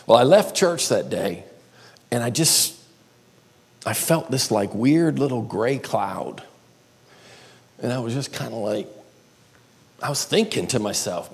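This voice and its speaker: A middle-aged male pastor preaching a sermon, swinging between loud exclaiming and whispered asides. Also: mid-range voice, expressive, normal speed, gravelly. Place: church sanctuary. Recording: long hall reverb.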